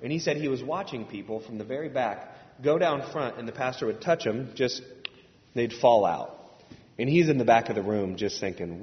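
A male pastor preaches in a relaxed, storytelling way, throwing questions out to the congregation. His voice rings around a large church hall with a long tail of reverb. The sound is slightly dull and muffled. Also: medium pitch, moderate pace. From Indiana, USA. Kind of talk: sermon.

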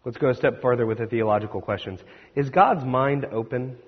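This pastor has a husky, medium-pitched voice and a brisk delivery. Preaching in an echoey hall captured with slightly dull audio, he tells scripture stories casually and asks the congregation rhetorical questions.

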